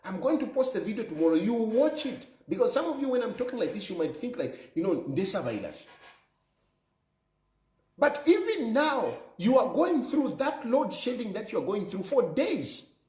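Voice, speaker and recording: A man's voice: high-pitched, big pitch swings, moderate pace, darkish tone, roomy sound. A Zambian man delivering an emphatic political monologue, repeating phrases for effect in an accusing tone. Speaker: political commentator.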